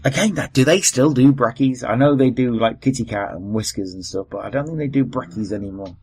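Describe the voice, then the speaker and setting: A man's voice: medium pitch, a little fast, a little mellow, breathy edge, poor audio. Chatty Welsh man, rambling host. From Wales. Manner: rambling, chatty, lots of fillers. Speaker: podcast host. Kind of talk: casual chat.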